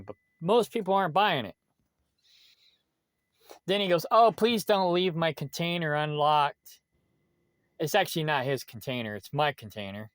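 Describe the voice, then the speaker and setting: A man's voice: mid-range voice, fairly bright tone, no echo, studio quality. A man ranting bitterly in a vlog, complaining about someone with lots of swearing. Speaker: vlogger. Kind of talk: angry vlog rant.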